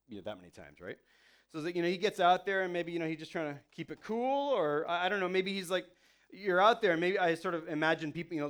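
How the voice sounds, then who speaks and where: Man, pastor, fairly high voice; relaxed talky sermon, playfully acts out quotes. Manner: conversational, lots of "you know" and "like". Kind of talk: casual sermon.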